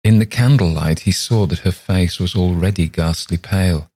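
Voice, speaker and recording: A man reading a classic ghost story aloud as a podcast narrator, in a measured, unhurried way. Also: deep voice, dark tone, breathy edge, no echo.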